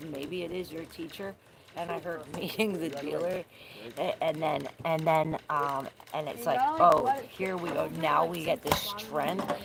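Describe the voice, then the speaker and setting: A woman's voice: sits low, gravelly. A woman doing a casual, rambling tarot reading outdoors in the rain. She searches for words and swears casually. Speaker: tarot reader. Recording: noisy outdoor recording with rain.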